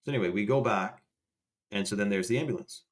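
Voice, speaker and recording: Rambling low-voiced man telling a story. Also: quick pace. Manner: rambling, swears casually, many restarts. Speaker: livestream host. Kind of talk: casual storytelling to a live chat.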